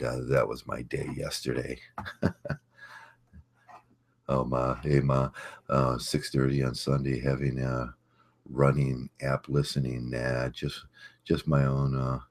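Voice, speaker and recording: A man hosting a casual livestream, greeting chat viewers and telling a story in a rambling, halting way with many fillers. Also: monotone. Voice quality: very deep voice. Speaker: livestream host.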